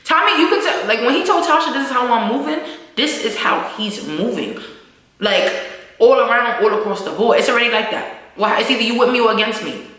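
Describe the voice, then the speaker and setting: Excitable woman recapping a TV episode. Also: on the high side, brisk, heavy reverb, low-quality recording. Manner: animated, slangy and profane, acts out scenes. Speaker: TV recap vlogger. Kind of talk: casual show recap.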